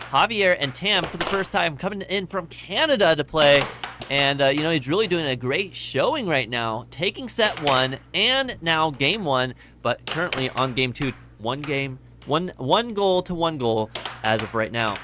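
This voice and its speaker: A man co-commentating an air hockey livestream in an upbeat, promotional way. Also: a little high. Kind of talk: casual commentary. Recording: noisy room.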